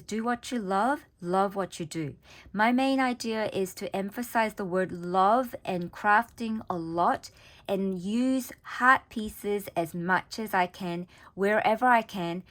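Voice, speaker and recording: A woman talks through her craft projects in a relaxed show-and-tell vlog. Her voice sits in a middle pitch, and her delivery is chatty and enthusiastic, full of ums and quick restarts as she points things out. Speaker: crafting vlogger. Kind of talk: casual show-and-tell narration.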